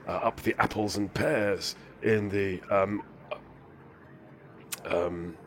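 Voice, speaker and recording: A man's voice: fairly low pitch, fairly even intonation, slow pace, background noise. A man chatting through a game stream, rambling and whimsical, a bit ill and hyper. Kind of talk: casual live-stream commentary. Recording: faint game music behind.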